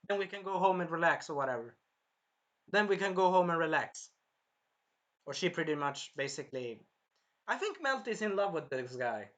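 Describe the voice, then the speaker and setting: Rambling high bright-voiced man with a sore throat. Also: expressive, moderate pace, long pauses. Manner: rambling, jumps around and corrects himself, acts out characters' lines. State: sore throat, keeps clearing it. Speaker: anime reviewer. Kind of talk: casual recap and review.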